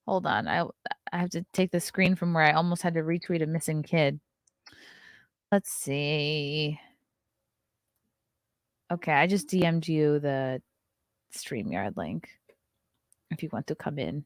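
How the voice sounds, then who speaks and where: A woman's voice: sits low, animated, a little slow, long pauses, no room sound, studio quality. A woman, hosting a casual live stream, chatty and riffing, laughing often. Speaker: host.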